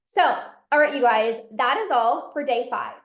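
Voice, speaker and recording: A woman's voice: high voice, expressive, normal speed, reverberant. A woman, a binge eating coach, giving an emphatic motivational talk to a live audience and repeating her key phrases.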